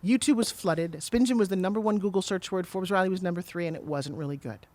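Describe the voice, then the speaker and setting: A middle-aged woman telling her story as a guest on an interview podcast, animated and acting out the quotes. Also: on the low side. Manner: fast, animated storyteller who acts out quotes. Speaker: guest, TV pitch saleswoman.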